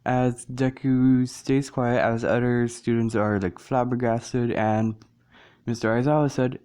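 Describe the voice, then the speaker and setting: A man's voice: medium pitch, fairly even intonation, measured pace, darkish tone, clear, resonant tone. A man casually narrating a fan story, rambling and correcting himself as he goes.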